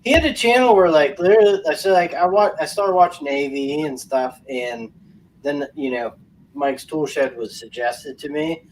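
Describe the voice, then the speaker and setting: A man with a slightly high voice chats loosely, leaning on lots of fillers. Faint background noise sits under his voice. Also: moderate pace, recorded from a distance, rough recording. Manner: loose, filler-heavy talk. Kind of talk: casual chat.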